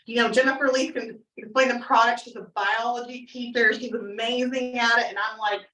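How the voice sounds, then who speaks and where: A woman from Canada in her thirties giving an energetic motivational talk, telling stories and acting out quotes. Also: fairly high pitch, fairly quick, hardly any pauses, roomy sound, recorded from a distance, poor audio. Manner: energetic, storytelling, acts out quotes. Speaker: motivational speaker.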